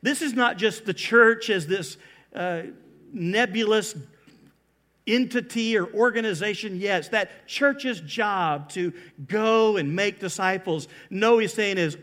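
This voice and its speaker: Preaching with animation, this man slows his delivery and lifts his voice whenever he wants a phrase to land.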